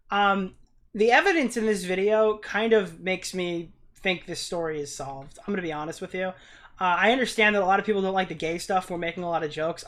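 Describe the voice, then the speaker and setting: A woman streamer giving live reaction commentary on an online drama, incredulous and swearing freely. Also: mid-range voice.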